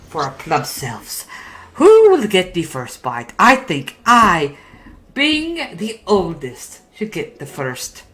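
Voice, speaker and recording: A woman's voice: fairly low pitch, fairly bright tone, echoey room, slight background noise, exaggerated voice. A woman voicing an ugly old hag puppet in a puppet show, squabbling greedily with her sisters.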